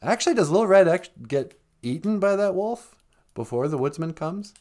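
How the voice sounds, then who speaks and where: A man's voice: sits high, very animated, moderate pace, darkish tone. A man telling a folk tale casually on a live stream, rambling with joking asides and self-corrections. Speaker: storyteller.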